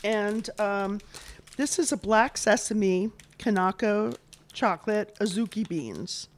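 A woman's voice: mid-range voice, lively intonation, takes it slowly. A woman hosting a casual chat while taste-testing snacks, enthusiastic and reading product labels aloud. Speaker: host.

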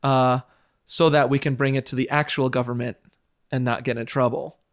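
A podcast co-host casually recaps a film's plot, laughing often and using plenty of fillers. He has a mid-range voice with little pitch movement and talks at normal speed.

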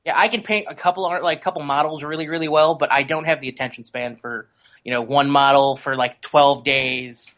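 A man's voice: mid-range voice, fairly even intonation, brisk, fairly bright tone, rough recording. A man as a podcast guest, chatting casually and enthusiastically with jokes.

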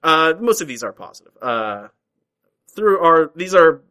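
A man's voice: a little high, very animated, unhurried, sharp tone, poor audio. A man hosting a casual podcast chat, chatty and easygoing, often restarting his sentences. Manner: chatty, hesitant restarts, laughs easily. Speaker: podcast host.

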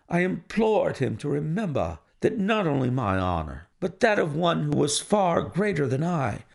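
A man narrating a classic detective story in a measured, formal first-person telling. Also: on the high side, vocal fry. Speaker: audiobook reader.

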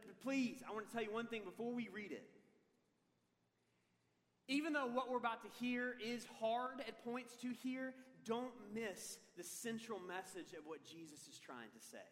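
A man preaching a sermon as pastor, telling an animated, self-deprecating story with humor. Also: high-pitched. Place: large church hall. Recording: long hall reverb.

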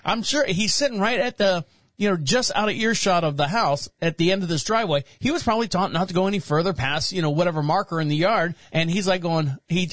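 A man's voice: sits high, fast, a bit bright, dry recording. A man hosting a podcast, talking casually and rambling with frequent restarts. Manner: rambling, self-correcting, chatty. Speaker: podcast host.

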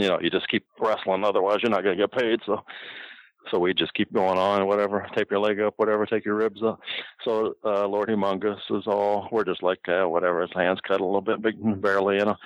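A low-voiced older man, once a wrestler, tells casual, rambling stories from his time on the road, peppered with fillers and restarts. The recording is dry and the audio sounds dull.

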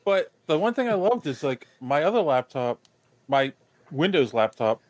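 A man's voice: on the high side, big pitch swings, moderate pace, dry recording. A man co-hosting a podcast in a casual chat, talking in a rambling way with lots of fillers. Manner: rambling, many fillers like "you know". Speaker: podcast co-host.

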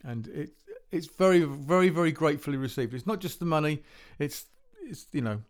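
Rambling podcast host. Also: male voice, on the high side, moderate pace, creaky. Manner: rambling, self-deprecating, frequent restarts. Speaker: podcast host playing music tracks. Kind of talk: casual podcast chat. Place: home recording room.

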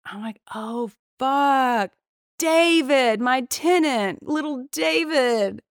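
A woman in her thirties, a guest on a podcast, tells a casual story bluntly and profanely in a high, animated voice at a slow pace. She's candid and acts out quoted dialogue, and the recording is dry and close.

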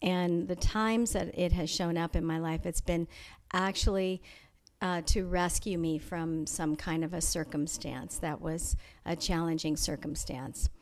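A woman's voice: on the low side, steady tone, a little mellow. Thoughtful woman telling a personal story. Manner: thoughtful and measured, with frequent pauses and restarts. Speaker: interview guest. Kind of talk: reflective personal storytelling in conversation.

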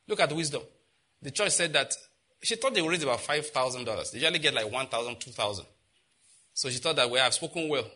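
A middle-aged man preaching to his congregation in a bright, forceful voice. He tells stories at a conversational pace, then climbs into loud, fervent outbursts. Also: medium pitch. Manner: storytelling preacher who rises to loud, impassioned outbursts. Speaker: pastor. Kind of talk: sermon.

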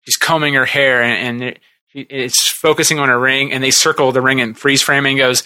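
A man hosting a podcast, chatting casually and retelling TV scenes in a rambling, animated way. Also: medium pitch, moderate pace, dry recording. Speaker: podcast host. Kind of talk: casual chat.

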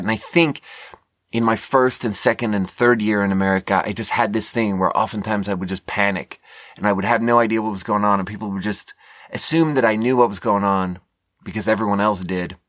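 A young man from Sweden tells a story on his podcast in a low voice. His story rambles, full of fillers and self-deprecation. The sound is close and completely dry. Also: steady tone, moderate pace, a bit bright, dry recording. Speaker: podcast host. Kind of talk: casual storytelling monologue.

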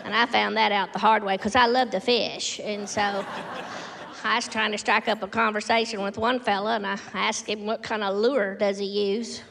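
A woman's voice: mid-range voice, little pitch movement, moderate pace, gravelly, a bit bright, slight background noise. A woman doing a stand-up comedy routine with a wry, self-deprecating delivery.

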